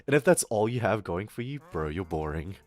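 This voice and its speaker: A man's voice: lowish voice, expressive, no echo. A young man chatting casually on a live stream, rambling and swearing, laughing often, in his put-on streamer voice. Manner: rambling, profane, quick to laugh.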